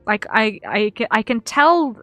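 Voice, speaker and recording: A woman streamer talks casually to her viewers at the end of a session. Her speech rambles, circling back on words and filling gaps with ums, while quiet music plays underneath. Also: fairly high pitch, expressive, a little slow, no echo. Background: faint background music.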